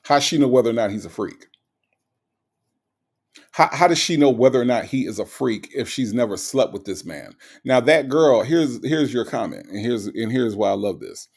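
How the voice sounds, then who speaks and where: Male stream host, gravelly mid-range voice, blunt and mocking, leans on repetition to hammer points home. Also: medium pitch, lively intonation, normal speed, a little mellow. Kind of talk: reaction commentary reading viewer comments.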